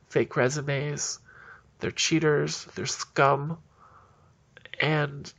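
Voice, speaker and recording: A man's voice: on the high side, gravelly, fairly bright tone, husky. A man giving heated, indignant solo political commentary in a ranting manner.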